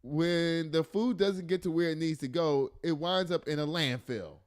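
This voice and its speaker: Man, podcast host, casual news commentary, fairly high voice, exasperated asides, laughs a lot. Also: moderate pace. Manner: reads news aloud with frequent exasperated asides; laughs and jokes often.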